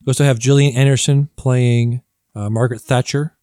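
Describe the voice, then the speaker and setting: A man co-hosting a podcast, explaining things in relaxed chat with many fillers. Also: medium pitch, fairly quick, no room sound, studio quality. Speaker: podcast co-host. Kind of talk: casual chat.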